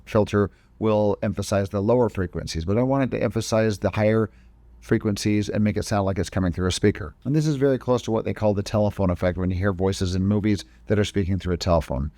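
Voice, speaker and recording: In a laid-back screen-recorded tutorial, a man walks through video editing step by step, frequently correcting himself mid-sentence. His voice is lowish and warm, with no echo.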